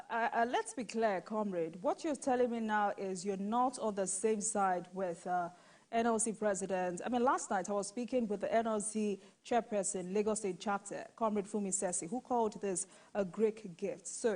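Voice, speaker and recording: A woman's voice: mid-range voice, a little mellow. A woman anchoring a live TV news interview, pressing her guest with pointed questions.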